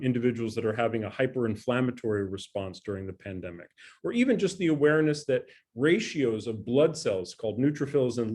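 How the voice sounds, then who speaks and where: A man's voice: mid-range voice, a little mellow. Earnest middle-aged man giving a talk. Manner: conversational, earnest, self-deprecating. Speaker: scientist giving an alumni talk. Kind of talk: presentation talk. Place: home dining room.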